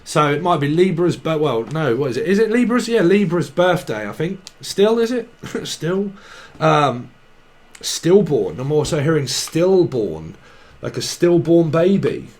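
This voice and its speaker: A man's voice: a little high, sing-song, unhurried, a little mellow. A man giving a loose, free-associating tarot reading, riffing on words and laughing at himself. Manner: free-associating wordplay, giggly asides. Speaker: tarot reader. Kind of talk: rambling tarot channelling monologue.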